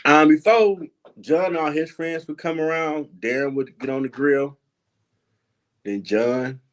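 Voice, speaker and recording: A man, telling childhood stories as host in casual chat and acting out the voices of the people in them. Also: medium pitch. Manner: animated, laughing, acts out quoted voices.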